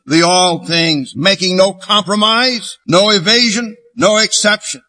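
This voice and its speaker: A man's voice: high-pitched, pushed and bright. A man preaching a sermon, explaining a Bible passage verse by verse with emphatic stresses. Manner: emphatic, expository Bible teaching.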